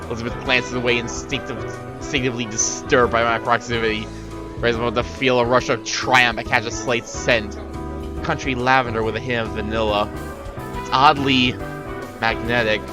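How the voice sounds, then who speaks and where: A man's voice: medium pitch, moderate pace, poor audio. Chatty male streamer over game music. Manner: animated, frequent filler "like". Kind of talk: reading a visual novel aloud and commenting.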